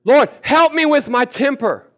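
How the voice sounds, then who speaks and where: A preacher putting on a frustrated believer who pleads with God in a high, strained, raised voice. The complaints come out exasperated and insistent, with a dull, lo-fi sound. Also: male voice, animated, measured pace. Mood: pleading. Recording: dull lo-fi recording.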